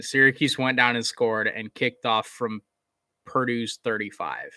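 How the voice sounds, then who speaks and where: A young man giving casual live play-by-play commentary from home, excitable and chatty. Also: medium pitch, a little slow, dry recording. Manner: excitable, chatty, laughs and hums between plays.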